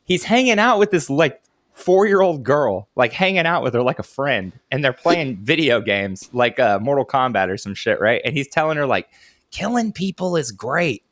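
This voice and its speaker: A man's voice: medium pitch, animated, fairly bright tone, no room sound, clean studio sound. A man in casual chat as a podcast co-host, swearing often and laughing at stories. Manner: profane, laughing, quick to react.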